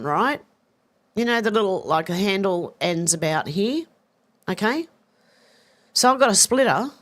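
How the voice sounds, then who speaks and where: Woman, live-stream host, mid-pitched, chatty and self-mocking, reads comments aloud and laughs a lot. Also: a bit bright. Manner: chatty and self-deprecating, laughs often, reads messages aloud and answers them. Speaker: livestream news host reading viewer comments. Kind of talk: casual live-stream chat.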